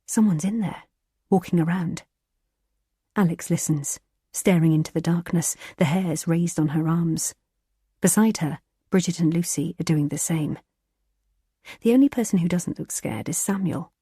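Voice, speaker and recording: A woman reading a thriller audiobook in a tense, measured narrating style. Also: fairly low pitch, warm tone, breathy edge, no room sound, studio quality.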